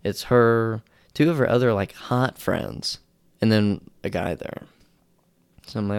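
A young man rambles through a casual podcast story, poking fun at himself. His voice has a gravelly, creaky texture. The sound is close and dry, with no room echo. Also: lowish voice, a little slow, pauses often. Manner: rambling, self-deprecating, acts out quotes in raised voices. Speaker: podcast host.

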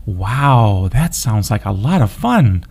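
A man's voice: on the low side, big pitch swings, takes it slowly, vocal fry, slightly rough, exaggerated voice. Man doing an eager friendly storybook puppy, slightly raised, bouncy. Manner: warm, eager, gentle. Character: friendly excitable young puppy, boy.

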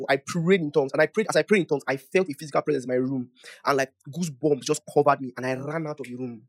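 A young man preaching a sermon, emphatic and animated, swinging from loud declarations to soft asides. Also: medium pitch. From Nigeria.

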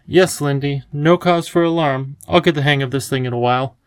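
A man's voice: fairly high pitch, fairly quick, clear, resonant tone, no echo, lightly acted. A man voicing a kindly, eccentric elderly professor who speaks in a cheerful, lecturing way.

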